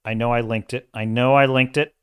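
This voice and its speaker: Bright, forceful opinionated male host. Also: medium pitch, a little fast, clean tone, no echo, studio quality. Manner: rambling, correcting himself often; opinionated and animated. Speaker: podcast host. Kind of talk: casual live-stream movie review.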